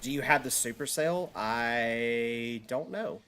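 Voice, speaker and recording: A man's voice: mid-range voice, expressive, slow pace, fairly bright tone, slight background noise. A man streaming a video game, chatting loosely with his viewers and swearing freely as he plays. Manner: loose and rambling, swears freely, talks back to chat. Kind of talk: casual live-stream chat while gaming.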